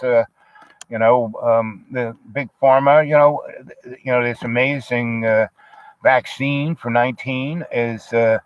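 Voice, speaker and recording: An older man rambles through stories and asides, full of "uh" and "you know." His voice sits at an average pitch. The recording is dull and lo-fi, with a dry, close sound. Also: dry recording. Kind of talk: casual rambling storytelling.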